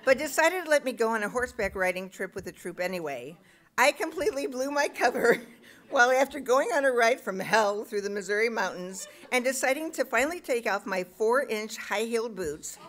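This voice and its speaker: Middle-aged woman, comic story reading, self-mocking, punchy timing, lively rising and falling voice, fairly high. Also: fairly quick. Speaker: storyteller reading at a live show. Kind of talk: comic personal essay read aloud.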